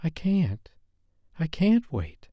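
Anxious young woman, pleading, raised pitch, read by a male narrator. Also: wildly swooping pitch, slow pace, mellow, dry recording, studio quality, heavily acted.

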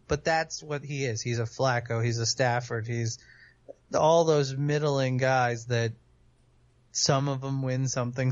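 A man talking sports in a loose, heated rant, swearing freely and laughing between points. His voice sits at an average pitch. It is recorded dry and a little dull. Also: dry recording. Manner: animated, profane, ranting. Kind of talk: casual sports chat.

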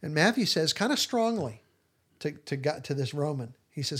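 A man's voice: fairly high pitch, very animated, moderate pace, a bit bright, breathy edge. A man hosting a podcast, retelling scenes in casual chat and acting out the quoted lines with animation. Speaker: podcast host.

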